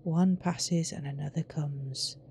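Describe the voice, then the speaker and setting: A woman voicing a cold, ominous cult voice in a low, slow, breathy whisper; whispered role-play. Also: steady tone, darkish tone, a little hiss or hum, full character voice. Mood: menacing.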